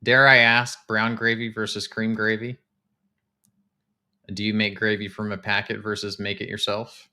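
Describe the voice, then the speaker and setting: A man, casually chatting to his live-stream viewers while touring game houses, excitable and talkative. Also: lowish voice, normal speed. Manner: chatty, excitable, talks to chat.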